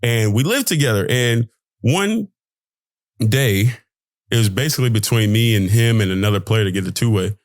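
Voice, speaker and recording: A young pro basketball player hosting a podcast delivers an emphatic, preachy motivational monologue full of slang, close to the mic. His lowish, expressive voice swings up and down at normal speed, and the recording is dry.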